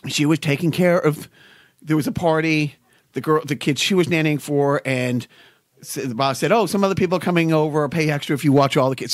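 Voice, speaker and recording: Casting: man, high voice, dry close sound, rambling animated podcast storyteller. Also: no room sound. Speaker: podcast co-host. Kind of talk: casual chat.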